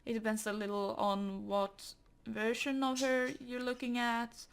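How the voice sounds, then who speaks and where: A woman's voice: on the high side, monotone, unhurried, smooth. A young woman from Sweden with a Swedish accent, chatting casually and rambling while she draws, with stutters, often dropping to a murmur. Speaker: artist vlogger.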